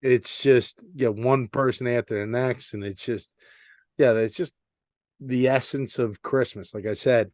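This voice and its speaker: Hesitant male podcast co-host, mid pitch, dry close mic. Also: steady tone, a little slow, a little mellow, no room sound. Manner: hesitant, many fillers and restarts. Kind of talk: casual chat.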